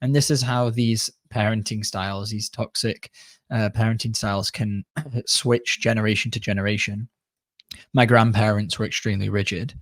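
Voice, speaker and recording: Male co-host, low and even voice, dry close sound. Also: moderate pace, no echo. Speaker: podcast co-host. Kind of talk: casual podcast chat.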